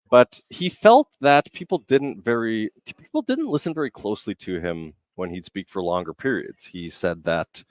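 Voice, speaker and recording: A man's voice: fairly low pitch, no echo. A young man coaching on public speaking over a video call, explaining emphatically and varying his pace to stress points. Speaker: communication coach.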